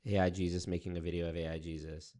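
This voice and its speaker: Man, deep low voice, casual rambling stream chat, profane, young adult. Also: little pitch movement, fast talker, warm tone.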